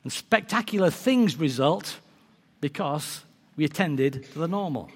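A man preaching a sermon, telling a story in a lively way and acting out its characters. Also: fairly high pitch, unhurried, breathy edge. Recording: long reverb of a large hall.

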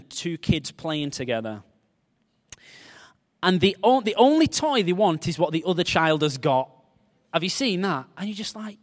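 A man preaches in a lively, joking way, telling stories from home. His voice sits on the high side for a man. The sound carries a long reverb, as in a large hall. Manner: animated, jokey storytelling with quoted dialogue. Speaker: pastor. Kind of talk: sermon.

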